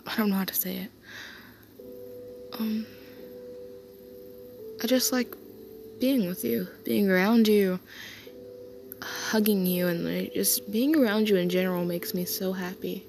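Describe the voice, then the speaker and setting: Woman voicing a loving young man, soft comfort role-play, slow-paced, tender, reassuring, faint hiss behind. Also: mid-range voice, steady tone, creaky. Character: affectionate young man soothing his partner to sleep.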